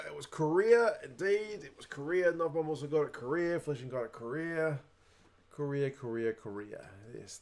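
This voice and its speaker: A man's voice: medium pitch, vocal fry. A young adult man with a New Zealand accent, hosting a casual livestream, chatting away and reading viewer comments aloud. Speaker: livestream host.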